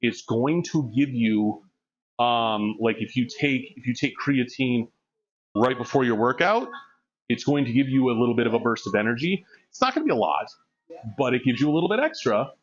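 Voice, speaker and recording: Man streaming a workout, casual rambling chat, mid-pitched voice, dull lo-fi sound. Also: animated, moderate pace. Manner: rambling, candid, laughs often. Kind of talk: casual chat while working out.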